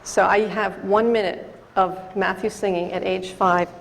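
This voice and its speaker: Middle-aged woman, mid-pitched, earnest talk to an audience in an echoing hall. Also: fairly even intonation, normal speed, vocal fry, background noise. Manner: earnest, talks directly to the audience with questions. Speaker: speaker on drunk-driving prevention. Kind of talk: personal testimony talk to an audience. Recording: long reverb from a large hall.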